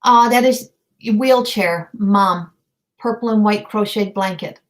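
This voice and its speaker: Soft-spoken woman medium, halting speech. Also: medium pitch, poor audio. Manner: halting, searching, many fillers and restarts. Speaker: intuitive medium. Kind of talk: live-streamed psychic reading.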